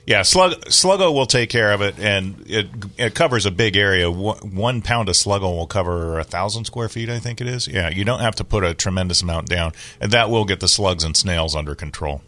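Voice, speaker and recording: A man hosting a call-in garden radio show, giving relaxed, practical advice to callers. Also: low voice, brisk, hardly any pauses. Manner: relaxed, informative, takes calls.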